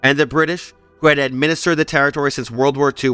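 A man's voice: fairly high pitch, steady tone, fast talker, sharp tone, clear, resonant tone, no room sound, faint music behind. A man hosting a history podcast, reading scripted narration and breaking off for playful personal asides.

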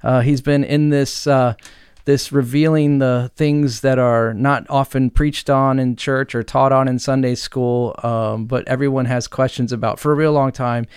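A male podcast host with a smooth, resonant voice who trades relaxed banter and laughs easily. The sound is close and dry, with no room around it. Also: mid-range voice, moderate pace, dry recording. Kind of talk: casual podcast chat.

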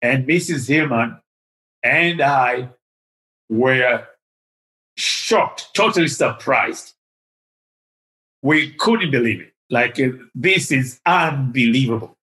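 An older man from Tanzania, telling a personal story as an interview guest, halting with fillers and restarts. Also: mid-range voice, sharp tone. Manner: hesitant, with many fillers and restarts. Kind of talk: storytelling in conversation.

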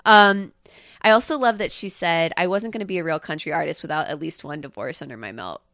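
Here a woman co-hosting a podcast speaks low and a little fast with a fairly bright tone. Her chat is casual and rambling, thick with fillers, and the recording is dry and studio quality.

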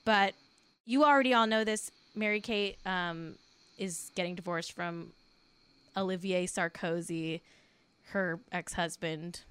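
A woman's voice: on the low side, a little slow, fairly bright tone, clear, resonant tone, dry recording. A young woman co-hosting a casual gossip podcast, playful and mock-solemn. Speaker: podcast co-host. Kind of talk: casual celebrity gossip chat.

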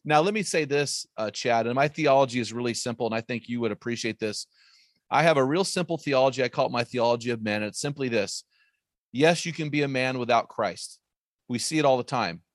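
A man, an author and guest, teaching on faith and marriage in an emphatic, preacherly way with quick asides. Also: mid-range voice, dry recording, clean studio sound.

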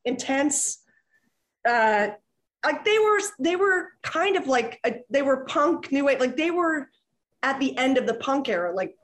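A woman's voice: high voice, expressive, a little slow. A middle-aged woman, a podcast guest, chatting casually and rambling with many restarts and fillers. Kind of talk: casual chat.

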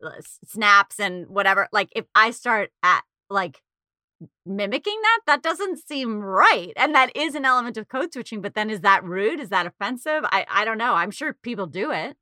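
A woman's voice: medium pitch, very animated, moderate pace, bright, forceful tone, dry recording, studio quality. A woman in casual conversation, thoughtful and reflective, with lots of fillers as she talks through an idea. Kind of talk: casual chat.

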